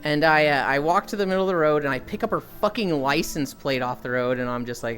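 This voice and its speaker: This woman streamer talks fast in a low-sitting voice, with faint music playing behind her. She chats casually with viewers, telling stories, swearing freely, and acting out the people in them.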